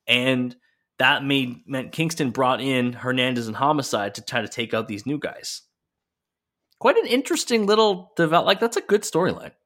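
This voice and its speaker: A man's voice: medium pitch, expressive, normal speed, a bit bright. Guy cohosting a podcast, laid back, swears a lot. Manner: casual, swears freely. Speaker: podcast co-host. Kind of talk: casual chat recapping wrestling.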